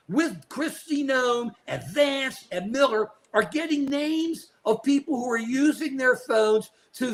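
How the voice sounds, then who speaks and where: An older man co-hosting a live political talk show, delivering outraged, emphatic commentary, repeating phrases and turning to his co-host by name. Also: very high-pitched.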